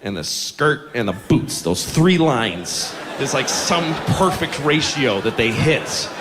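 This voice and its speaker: A man's voice: mid-range voice, lively intonation, slow. A man performing a stand-up comedy routine, telling stories in a rambling, exasperated way. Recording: live venue with long reverb and noise.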